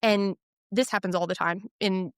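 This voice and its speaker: A woman hosting an interview in a casual, animated way, acting out quotes with her voice. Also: moderate pace, clean tone, no echo, clean studio sound. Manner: animated, acts out quoted voices with pitch jumps. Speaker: podcast host.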